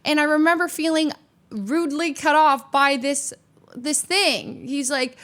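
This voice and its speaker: A woman with a fairly high voice chats casually on her stream. She tells her stories with a lot of animation and slips into other people's voices along the way. She is close on a desk microphone. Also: normal speed, fairly bright tone. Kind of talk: casual chat.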